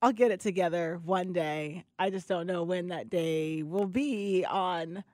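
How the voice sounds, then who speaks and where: A woman co-hosting a morning sports radio show, chatty and casual, quick to laugh. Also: fairly low pitch, a little mellow, dry recording, clean studio sound. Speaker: sports radio co-host and reporter.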